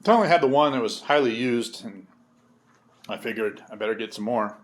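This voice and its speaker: A man telling a story in a casual, rambling way, sardonic and swearing freely, with many pauses and fillers. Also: medium pitch. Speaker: vlogger. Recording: loud vehicle noise behind.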